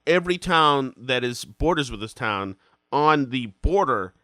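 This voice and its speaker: A man's voice: medium pitch, expressive, a little slow, sharp tone, no echo, studio quality. A man with a cold hosting a podcast, asking wry, probing questions in casual chat. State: has a cold. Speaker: podcast host.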